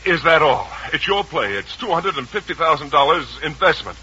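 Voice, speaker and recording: A man's voice: fairly high pitch, very animated, fairly quick, sharp tone, slightly rough, exaggerated voice. An actor playing a short-tempered male theatre producer in old-time radio acting, blustering and exasperated. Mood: outraged. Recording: dull lo-fi old radio recording.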